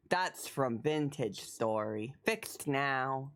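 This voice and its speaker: A woman in her thirties streaming live and chatting casually with her viewers, jumping from squealing excitement to low, muttered asides. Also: takes it slowly, few pauses.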